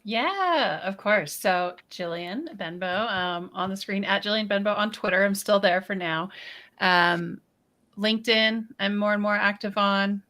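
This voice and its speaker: A woman guest on a live panel, chatting casually, quick to laugh and brief in her replies. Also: medium pitch, bright, forceful tone. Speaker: podcast host, guest.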